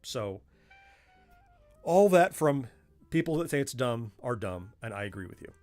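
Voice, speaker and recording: A man's voice: mid-range voice, big pitch swings, a little slow, darkish tone, soft background music. A middle-aged man with a Southern US accent, hosting a casual livestream from a home workspace and chatting in a way that wanders off on tangents. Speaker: livestream host.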